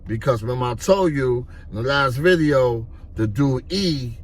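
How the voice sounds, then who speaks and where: A man's voice: medium pitch, animated, normal speed. A man telling a story in loose, streetwise casual talk. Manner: loose, streetwise, repeats "you know what I mean". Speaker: vlogger.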